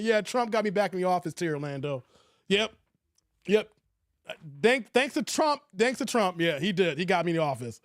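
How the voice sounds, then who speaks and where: A man hosting a casual livestream, animated and laughing as he reads comments aloud. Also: high voice, normal speed, dry recording, studio quality. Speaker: livestream host.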